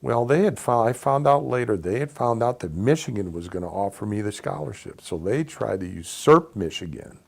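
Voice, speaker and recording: A man's voice: fairly low pitch, expressive, moderate pace, vocal fry, few pauses. A man telling a personal story in a casual, conversational way, acting out the voices of people in it. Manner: conversational, acts out quoted dialogue. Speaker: speaker telling his life story.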